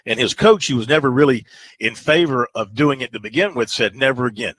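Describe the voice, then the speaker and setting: Rambling radio sports host. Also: male voice, mid-range voice, animated, a little fast, fairly bright tone, no echo, low-quality recording. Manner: rambling, hesitant, many fillers. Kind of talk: casual radio sports talk.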